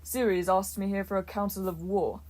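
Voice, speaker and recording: A woman voicing a grumpy male wine god who talks in a slow, lazy drawl. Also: mid-range voice, level tone, a little mellow, natural voice.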